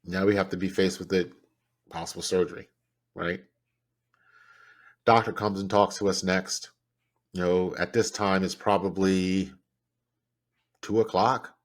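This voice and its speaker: Grieving guy with a really low voice, talking it out slow and broken, stops and restarts a lot. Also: flat delivery. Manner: halting, grief-stricken, with many restarts. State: grieving, close to tears. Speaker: podcast host. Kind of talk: personal storytelling monologue.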